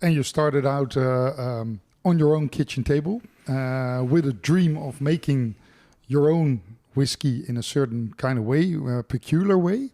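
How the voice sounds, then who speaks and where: Dutch male podcast host, mellow tone, eager and halting. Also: medium pitch. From Netherlands. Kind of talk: interview podcast.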